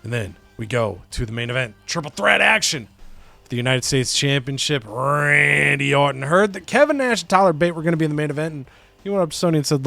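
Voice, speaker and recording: A young man chatting casually, retelling game events with quick silly character voices. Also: fairly high pitch, vocal fry, soft background music. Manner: animated storytelling, slips into quick silly voices. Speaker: game show co-host recapping matches. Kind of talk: casual chat.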